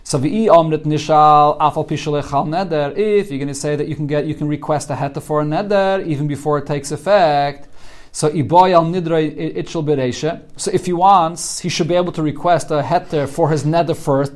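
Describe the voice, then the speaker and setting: A man's voice: a little high, brisk. A man teaching a Talmud class in English with Yeshivish terms, translating the Aramaic text line by line and explaining it as he goes. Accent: English with Yeshivish Hebrew and Aramaic terms. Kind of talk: daily Talmud study class.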